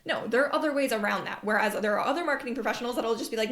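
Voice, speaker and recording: A fairly high-voiced woman talking through a casual marketing podcast episode, candid and chatty. She swears offhandedly and slips into little acted-out voices when she quotes people. The recording has a roomy echo to it. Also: very fast, fairly bright tone. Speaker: podcast host, marketing coach. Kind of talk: casual advice podcast monologue.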